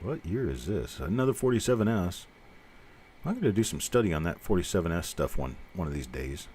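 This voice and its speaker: An older man with a somewhat low voice hosts a live stream in a loose, folksy chat. He rambles from one story to the next and drops a corny joke now and then. He talks plainly and reassuringly to his viewers. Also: lively intonation, brisk, a little mellow, slight background noise. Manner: folksy, rambling storyteller who cracks jokes. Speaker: host of a live coin roll hunting show.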